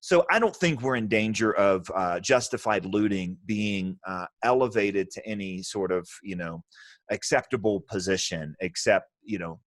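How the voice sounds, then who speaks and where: A man's voice: on the low side, moderate pace, no room sound, studio quality. A man hosting a podcast discussion, emphatic and thinking aloud as he talks. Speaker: podcast host. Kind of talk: casual discussion.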